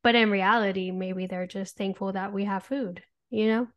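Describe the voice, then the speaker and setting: A woman's voice: medium pitch, fairly even intonation, moderate pace, a bit bright, dull audio. Mom in her thirties co-hosting a podcast; candid, rambling, swears freely. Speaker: podcast co-host. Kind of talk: casual chat.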